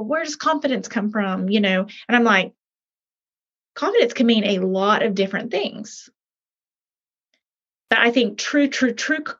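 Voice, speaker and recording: A woman's voice: medium pitch, a bit bright, highs cut off. A woman author and coach explaining her problem-solving method in a chatty, emphatic way, acting out little scenes as she goes. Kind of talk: animated talk explaining a method.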